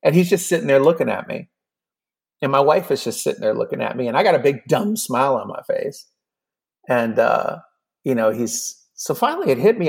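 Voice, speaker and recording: A man's voice: medium pitch, sing-song, quick pace, gravelly, husky. A man in his fifties, a podcast guest, telling a personal story casually and acting out both sides of a conversation. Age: 50s.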